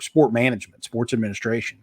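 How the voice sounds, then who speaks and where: A middle-aged man with a faint Eastern Kentucky twang talks in a smooth, practiced broadcaster's rhythm, pitched in an ordinary middle range. His voice sounds close and dry, with no room around it. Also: steady tone, fast, a little mellow, dry recording. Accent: slight Eastern Kentucky twang. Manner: fluent, polished broadcaster delivery with frequent restarts. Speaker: guest, author and former radio DJ. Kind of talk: casual interview conversation.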